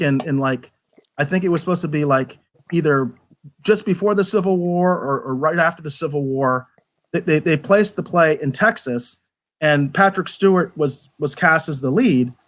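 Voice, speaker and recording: Animated, rambling man reviewing a show. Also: a little high. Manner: animated, rambling with many restarts. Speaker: podcast co-host. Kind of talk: casual review chat. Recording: live online show.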